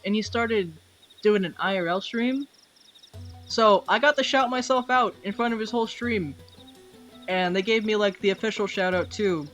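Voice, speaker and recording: A Twitch streamer chatting casually while playing, telling stories with plenty of swearing and bursts of excitement. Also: medium pitch. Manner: chatty storyteller, swears freely, gets loud and excited. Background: game music.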